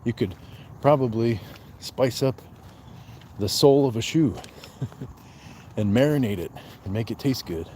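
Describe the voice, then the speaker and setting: A man's voice: medium pitch, lively intonation, measured pace, long pauses, darkish tone, slight background noise. A man hosting a casual livestream. He jokes, greets viewers by name, reads out chat comments and counts his push-ups aloud. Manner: joking, talks to viewers by name. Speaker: livestream host.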